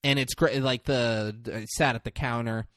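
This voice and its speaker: A man's voice: mid-range voice, steady tone, normal speed, a bit bright, no echo, studio quality. A young man hosting a podcast in loose, joking banter, swearing freely. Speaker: podcast host.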